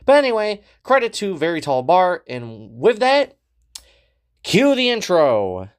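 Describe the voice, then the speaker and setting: A man's voice: sits high, huge pitch swings, unhurried. A man giving a loose, rambling casual introduction to his own video. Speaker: channel uploader.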